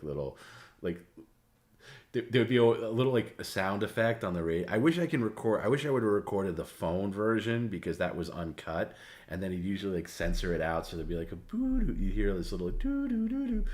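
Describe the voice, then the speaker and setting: A livestream host with a very low, deep, slightly mellow voice tells stories casually and loosely. He rambles, stops and starts, and repeats his words along the way.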